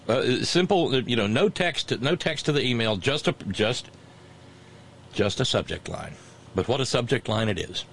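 A man's voice: medium pitch, animated, moderate pace, vocal fry, a bit bright, slightly rough. A man hosting a talk show, giving sarcastic, mocking commentary and reading out listener messages.

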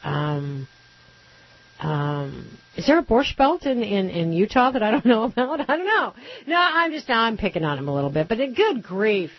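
A woman hosting a political talk radio show, sarcastic and rapid-fire with mocking asides. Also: medium pitch, sing-song, breathy edge, lo-fi sound.

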